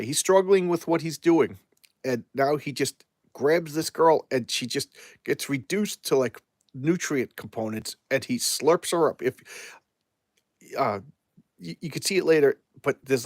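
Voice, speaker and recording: A man's voice: mid-range voice, darkish tone, no room sound, clean studio sound. A man reviewing comic books in a casual live chat, rambling and often repeating and restarting his words.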